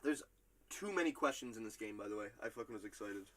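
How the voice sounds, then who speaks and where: A man's voice: lowish voice, lively intonation, quick pace, background noise. A man hosting a casual podcast quiz, reading quotes aloud and laughing often. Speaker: quiz host.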